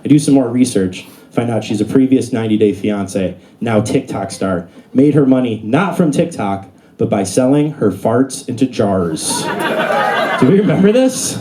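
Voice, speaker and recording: Onstage at a comedy club, a young man delivers his set in a warm, medium-pitched voice with lively intonation at an ordinary pace. His casual, wandering patter is packed with fillers, captured in a noisy live room.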